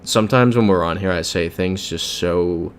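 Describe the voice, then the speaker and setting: Deep-voiced American man chatting on stream. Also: moderate pace, a little hiss or hum. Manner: chatty, reads chat aloud, mutters guesses to himself. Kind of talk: casual live-stream chat while playing a geography game.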